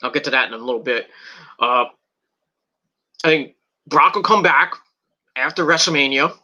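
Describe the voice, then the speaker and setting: A man's voice: medium pitch, normal speed, sharp tone, dull audio. A man recapping and reviewing a wrestling event in a casual, rambling way, with lots of fillers, restarts and swearing.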